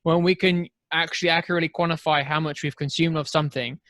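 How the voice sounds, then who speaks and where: Casting: chatty male podcast co-host, voice a touch high, dry close-miked sound. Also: steady tone, fast talker, a bit bright, dry recording. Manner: chatty, laughs often, swears casually. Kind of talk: casual chat.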